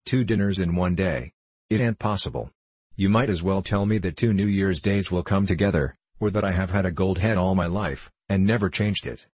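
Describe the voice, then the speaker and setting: A man's voice: low voice, moderate pace, a little mellow, slightly rough, no echo. A man reading as Trotty, a fond old porter. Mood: penitent. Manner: homely, old-fashioned speech. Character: elderly male porter, cheerful, fond father.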